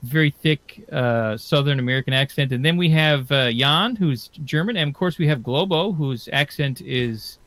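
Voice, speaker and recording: A man's voice: mid-range voice, normal speed, few pauses, a bit bright, no room sound. Man co-hosting a podcast; rambly, easygoing, dry close mic. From Newfoundland and Labrador, Canada. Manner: rambling, friendly, lots of "you know". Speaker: podcast co-host. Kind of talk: casual chat.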